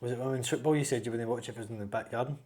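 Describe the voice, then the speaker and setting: A Scottish man trading jokey banter on a casual podcast, needling his co-host between bits. His voice is a mid-pitched, ordinary speaking voice for a man. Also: racing, darkish tone, a little hiss or hum. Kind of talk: casual chat, joke telling.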